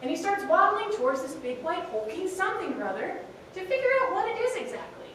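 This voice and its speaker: A woman's voice: very high voice, big pitch swings, fast, fairly bright tone, slight background noise. A woman telling a comic animal story on a theatre stage, playful, with chatty asides. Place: theatre stage, live performance. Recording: roomy hall, voice from far off.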